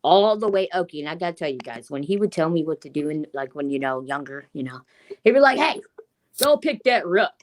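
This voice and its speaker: A young woman chatting casually, telling animated stories, swearing often and mimicking other people's voices. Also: low-pitched, fast. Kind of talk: casual chat.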